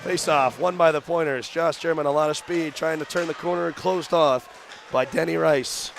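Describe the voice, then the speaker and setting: A young man doing radio play-by-play for a college hockey game, rattling off rapid calls that rise into shouts on shots. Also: a little high, creaky. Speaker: play-by-play announcer. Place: arena broadcast booth.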